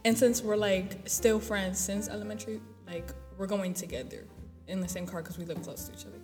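A teenage girl co-hosting a student podcast, telling an animated story and laughing a lot. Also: medium pitch, brisk, reverberant. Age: teens. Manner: animated, laughing, bursts into exclamations. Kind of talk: casual chat, storytelling. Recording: loud music under the talk.

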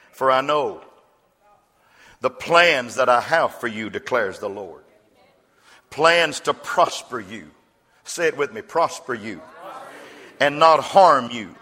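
A pastor preaching a rousing call-and-response sermon, rising to shouts. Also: male voice, a little high. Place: church sanctuary. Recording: reverberant church hall with congregation.

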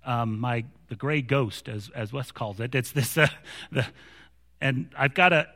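Bright-voiced preacher man in a reverberant hall. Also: mid-range voice, unhurried. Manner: storytelling with growing animation, many restarts. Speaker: pastor. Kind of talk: sermon.

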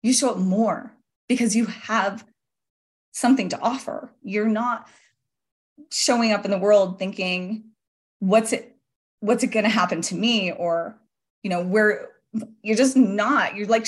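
A woman in her forties talking as a guest in a podcast interview, earnest and reflective, often laughing lightly. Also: mid-range voice. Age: 40s. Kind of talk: casual interview talk.

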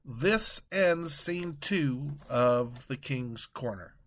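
A man hosting a comedy podcast and narrating a story in a deliberate, unhurried manner. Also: mid-range voice, lively intonation, a bit bright.

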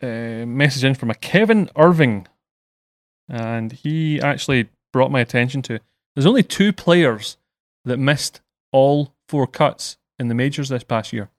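A man's voice: medium pitch, unhurried, no room sound. A Scottish man hosting a casual podcast chat and reading out listener messages. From Scotland. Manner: banter, reads listener messages. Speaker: podcast host.

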